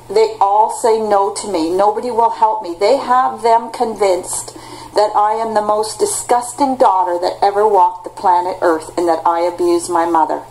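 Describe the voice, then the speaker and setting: A woman's voice: medium pitch, a little mellow, a little hiss or hum, rough recording. Pleading middle-aged woman, rambling. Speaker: caller asking for help. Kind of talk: emotional personal conversation.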